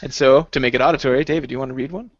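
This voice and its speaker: A man co-hosting a podcast in casual chat, animated and rambling, laughing a lot. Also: medium pitch, rapid-fire, no echo. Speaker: podcast co-host. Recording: dull lo-fi sound.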